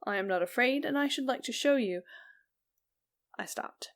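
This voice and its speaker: A woman's voice: fairly high pitch, animated, moderate pace, vocal fry. Woman narrating a Victorian ghost story. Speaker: audiobook narrator.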